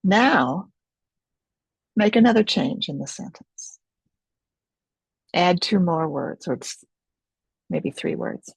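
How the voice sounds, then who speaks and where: Woman, webinar teacher, gentle and reflective, gravelly voice, dry close sound. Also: lowish voice, lively intonation, no echo, poor audio. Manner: slow, gentle, reflective guidance. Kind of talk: guided self-help webinar.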